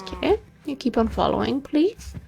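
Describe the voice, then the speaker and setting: A woman's voice: a little high, very animated, normal speed, creaky. A woman casually talking through her game as the host of a let's play, chatting to the animals on screen. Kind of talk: casual gameplay commentary.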